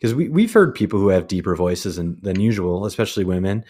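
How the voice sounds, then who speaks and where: Casual young man with a low voice. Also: lively intonation, fast talker, darkish tone. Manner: rambling, with many restarts and fillers. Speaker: podcast host. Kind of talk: casual chat.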